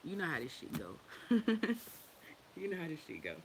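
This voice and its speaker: A woman's voice: low voice, very animated, very fast, fairly bright tone, slight background noise. Blunt, profane woman on a livestream. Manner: blunt, profane and laughing often; candid and affectionate. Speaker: women's wellness group leader. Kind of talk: casual livestream talk.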